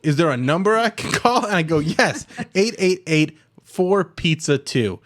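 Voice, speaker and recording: A young man hosting a casual comedy podcast, telling a story with lively voiced-out dialogue. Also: a little high, measured pace. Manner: animated storyteller acting out both sides of a dialogue. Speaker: podcast host.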